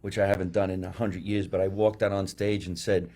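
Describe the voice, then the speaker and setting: Low-voiced New man telling stories. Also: brisk. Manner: animated storyteller, acts out quotes. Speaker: podcast host. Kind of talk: casual comedy chat.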